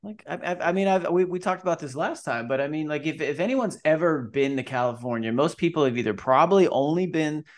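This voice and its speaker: A man's voice: a little high, animated, fairly quick, few pauses. A man hosting a podcast, talking casually and emphatically about politics, with swearing. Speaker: podcast host.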